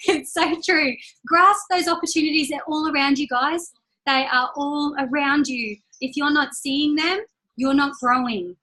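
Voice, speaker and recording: A woman leading a training call, giving an upbeat motivational talk in a chatty, personal way and repeating key lines slowly for emphasis. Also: sits high, sharp tone, low-quality recording. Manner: chatty and personal, laughs between points.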